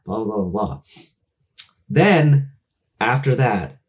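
This man speaks slowly at a medium pitch with a breathy edge, rambling through a video game story in casual, profane chat full of fillers. He voices the characters himself and grows loud and excited when driving a point home. The audio is dull.

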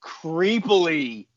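A man hosting a casual group chat, animated and laughing often. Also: on the high side, highs cut off. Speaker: podcast host.

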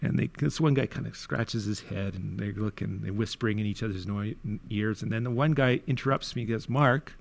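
A man from Canada, a youth worker, telling his story in a candid interview, animated and switching between hushed and forceful moments, with frequent restarts. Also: on the low side, a little fast, gravelly, hardly any pauses.

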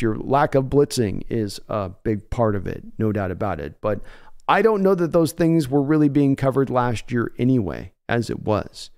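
Smooth-voiced man hosting a fan stream. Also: mid-range voice, a little mellow. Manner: rambling, thinks aloud with restarts, reads viewer messages aloud. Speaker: host of a fan sports livestream. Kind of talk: casual live-stream commentary reading chat.

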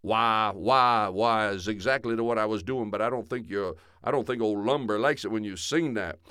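A man's voice: lowish voice, normal speed, fairly bright tone, clean tone, no echo, clean studio sound, pitched below the performer's own voice, natural voice. A man voicing a folksy old bearded miller in a spoken story, drawling and starting his lines with "why". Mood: scolding.

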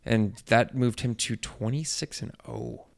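A man's voice: mid-range voice, a little slow, gravelly. A man in casual chat, curious and blunt, asking many questions and reading out results.

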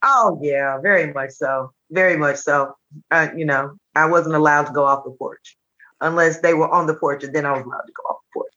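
A woman from Chattanooga, a comedian guest telling animated, jokey stories in casual chat. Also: low-pitched. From Chattanooga, Tennessee. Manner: animated, jokey, rapid bursts. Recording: dull lo-fi sound.

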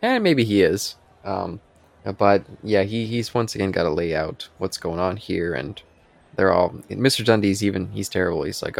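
A low-pitched, gravelly man co-hosts a podcast at a moderate, animated pace. He casually reviews a TV episode, retelling scenes with quoted lines and laughing often.

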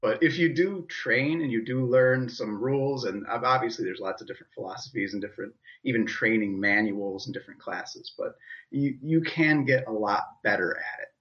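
A man's voice: medium pitch, moderate pace, fairly bright tone. A man joins a podcast as a guest who does improv, friendly and explaining in stops and restarts. His sound is slightly dull and lo-fi. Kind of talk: casual chat.

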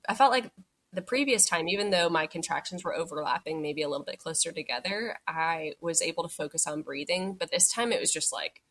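A woman's voice: deep voice, animated, fairly quick, a bit bright. A young woman telling her birth story as a podcast guest, chatty and full of "like," acting out what she said back then. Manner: chatty, many "like" fillers, acts out her own past words. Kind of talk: casual storytelling.

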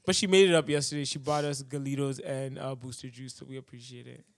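A man's voice: medium pitch, quick pace. A young man hosting a podcast, chatting casually and telling stories with a laugh. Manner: laughing, animated storytelling. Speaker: podcast host. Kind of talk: casual chat.

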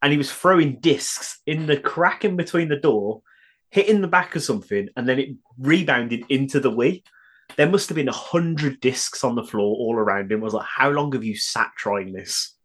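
A man's voice: mid-range voice, lively intonation, moderate pace, fairly bright tone. A man co-hosting a podcast, joking in an easygoing way and swearing casually. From England. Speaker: podcast co-host. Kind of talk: casual comedic chat.

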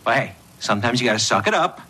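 A man's voice: mid-range voice, expressive, fast, sharp tone, breathy edge. An actor playing a blunt buddy who teases his friend in casual banter. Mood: teasing. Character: blunt male buddy, adult, teasing.

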